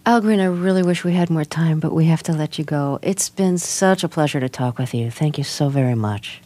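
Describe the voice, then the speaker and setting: A woman radio host asking interview questions and reading scripted introductions in a measured, composed way at a studio microphone. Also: low-pitched, warm tone.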